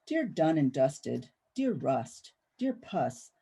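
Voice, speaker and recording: A woman's voice: low-pitched, sing-song, slow, dark tone, husky. A woman poet reading her own work aloud, with rhythmic, incantatory recitation. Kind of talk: poetry reading.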